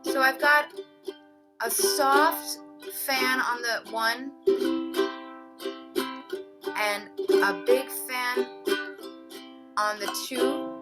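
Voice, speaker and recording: A woman teaching a ukulele workshop, explaining strums and counting beats aloud. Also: fairly high pitch. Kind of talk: music lesson with playing and counting. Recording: loud ukulele behind voice.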